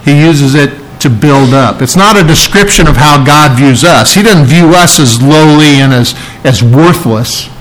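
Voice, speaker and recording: A man's voice: on the high side, a little slow, few pauses, fairly bright tone, poor audio. Earnest man preaching a sermon. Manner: earnest, emphatic teaching with repetition. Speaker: pastor.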